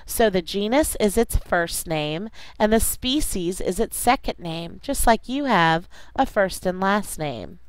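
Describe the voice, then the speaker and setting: A woman teacher giving a classroom science lecture, speaking deliberately and repeating key terms for students to write down. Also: mid-range voice, animated, clean tone, dry recording, poor audio.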